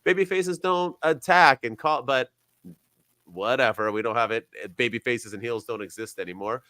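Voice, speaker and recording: Sarcastic, animated male podcast host. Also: medium pitch, moderate pace, no room sound. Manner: animated, sarcastic, jumps between loud and soft. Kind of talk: casual wrestling podcast chat.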